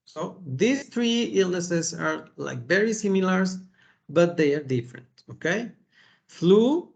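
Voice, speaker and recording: Slow, gravelly man teaching English. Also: sits high, animated, lo-fi sound. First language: Spanish. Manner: slow, patient, repeats words and adds "okay?". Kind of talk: kids' vocabulary lesson.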